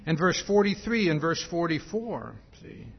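A man preaches a verse-by-verse expository sermon at normal speed in a sing-song voice on the high side, creaky and husky. He regularly tags points with "see?" and repeats and restarts his phrases, on a dull lo-fi recording.

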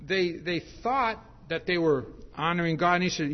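A man with a high-pitched voice preaches verse by verse at a moderate pace in an expository sermon. Frequent "see?" tags, repetitions and restarts mark his delivery, and the recording is dull lo-fi.

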